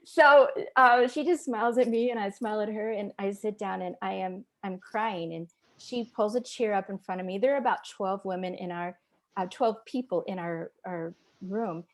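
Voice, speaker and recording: As a guest in an interview, a woman around her fifties tells her personal testimony with earnest emotion, voicing the people she quotes. She has a mid-range voice and a moderate pace.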